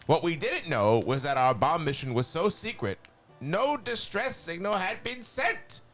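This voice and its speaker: Over soft background music, a man voices Skeletor, the evil skeletal sorcerer, reading a long dramatic monologue with a nasal sneer. His delivery is fairly high, pitched above his natural voice, animated, unhurried and a bit bright. The mood is menacing, the character a cackling villain.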